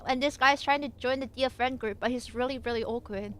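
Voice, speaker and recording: Young female streamer, slightly high voice, giggly and playful, reads aloud and chats with viewers. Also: fairly quick, fairly bright tone, a little hiss or hum. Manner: playful, giggly, jokey asides; chats with viewers between passages. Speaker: VTuber streamer. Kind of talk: casual stream chat and reading aloud.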